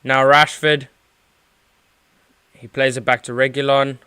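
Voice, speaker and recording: A man's voice: mid-range voice, little pitch movement, a little slow, sharp tone, clear, resonant tone, no room sound, studio quality. A man giving rambling live play-by-play as a football fan streamer, with lots of fillers and restarts. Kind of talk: live watchalong match commentary.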